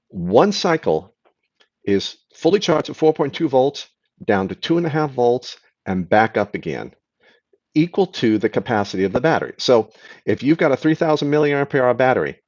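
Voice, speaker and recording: A man's voice: mid-range voice, lo-fi sound. A man hosting a live stream, casually answering chat questions and explaining things patiently, often restarting his sentences.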